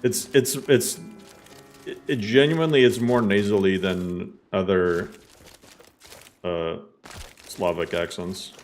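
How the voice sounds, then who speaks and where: A man's voice: low voice, steady tone, slow pace, long pauses, faint music behind. A young man streaming a game, chatting casually and swearing a lot as he argues with his chat. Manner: profane, chatty, arguing with chat. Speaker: gaming streamer. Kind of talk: casual live-play chat.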